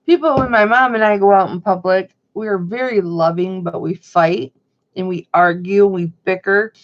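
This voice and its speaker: A woman's voice: mid-range voice, fairly even intonation, normal speed, highs cut off. A woman vlogging from home in a rambling, chatty way. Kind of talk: casual chat.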